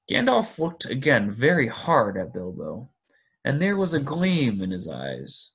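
A man reading a novel aloud in plain, steady narration. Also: medium pitch, unhurried, breathy edge. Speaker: audiobook reader.

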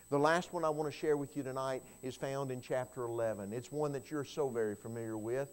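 Man preaching a lively storytelling sermon. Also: a little high. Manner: storytelling sermon with wide swings in loudness, rising to cries; repeats words when starting a phrase. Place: church.

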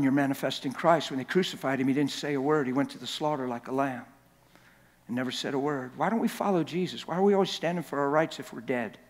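A man with a high voice preaches a sermon in a church sanctuary. He tells stories with a lot of repetition and swings from quiet asides to loud shouts. His voice trails off into a long, echoing hall reverb. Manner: animated, repetitive storytelling that swells to shouting.

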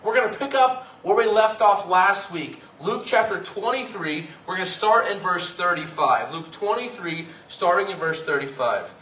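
A man preaching a sermon as pastor, reading scripture and then explaining it in an earnest, measured way. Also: sits high, animated, sharp tone, slight background noise. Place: church sanctuary. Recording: echoey church hall, mic at a distance.

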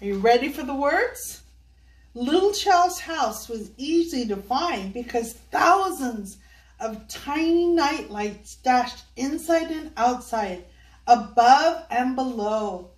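Heard from a distance in an echoey room, an older woman reads a picture book to children, slowly and animatedly in a high voice. As a children's storyteller, she asks them sing-song questions and coaxes them along.

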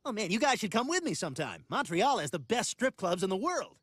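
A man's voice: high voice, big pitch swings, brisk, heavy background noise. An actor playing a lecherous middle-aged cartoon man who boasts and croons a bawdy song. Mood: leering boast. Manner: sing-song, crooning, eager.

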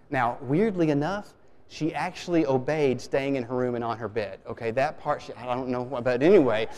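A man preaching a sermon, telling a story in a relaxed, conversational way with many restarts. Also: a little high, normal speed. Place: church sanctuary. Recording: long reverb of a church hall.

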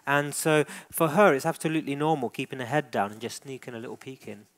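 A man coaches a live dog-training demonstration, guiding handlers step by step. He gives steady, encouraging praise at a middling pitch. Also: fast talker.

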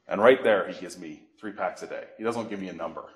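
Lively low-voiced man presenting a workshop. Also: quick pace. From Canada. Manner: animated storyteller, acts out phone calls. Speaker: financial educator. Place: library meeting room. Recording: echoey room.

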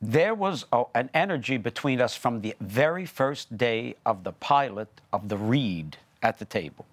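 Older male guest, former opera singer, animated and chatty, mid pitch. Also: moderate pace. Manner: chatty, rambling, with many restarts. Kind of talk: TV interview conversation.

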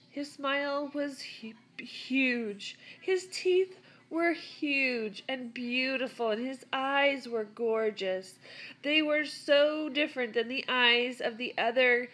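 Woman Spanish teacher, casual and chatty, higher-pitched, recording a lesson on a tablet. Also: slow pace. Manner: relaxed, chatty, with fillers. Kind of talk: reading a class reader aloud, then retelling it in English.

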